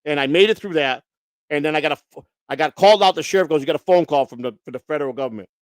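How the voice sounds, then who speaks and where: Fast-talking profane man telling stories. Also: fairly high pitch, dry recording. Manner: blunt, profane, rambling with many restarts. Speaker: host. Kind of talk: casual storytelling chat.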